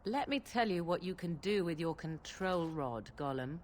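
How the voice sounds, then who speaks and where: Woman doing a mocking young witch, dry cutting sarcasm, lowish voice, long reverb. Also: animated, normal speed, slight background noise, natural voice. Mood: sarcastic. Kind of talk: video game voice acting.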